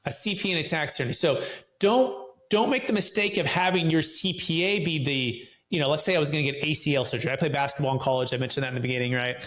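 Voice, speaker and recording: A man with a slightly high voice speaks as a podcast guest and tells animated stories. He slips into lively voices when he acts out dialogue. He often repeats words when he starts a sentence. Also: quick pace. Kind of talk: animated storytelling.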